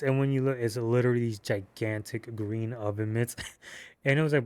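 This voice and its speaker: A man giving a casual movie review, excitable and slangy, with cursing and rambling restarts. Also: medium pitch, normal speed, dry recording.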